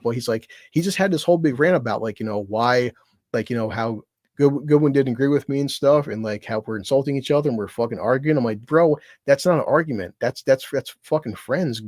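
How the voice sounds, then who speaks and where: A man's voice: mid-range voice, a little mellow. A man chatting on his livestream in a mid-range voice, cursing freely and wandering from one point to the next. He laughs often, and the sound is dry and close with no room echo. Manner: profane, rambling, laughs often. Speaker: streamer. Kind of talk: casual livestream chat.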